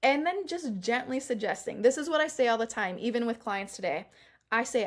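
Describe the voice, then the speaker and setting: Appearing as a guest on a casual interview, a middle-aged woman who works as a performance coach chats animatedly, laughs often, and acts out the lines she quotes. Her pitch is fairly high and she speaks a little fast.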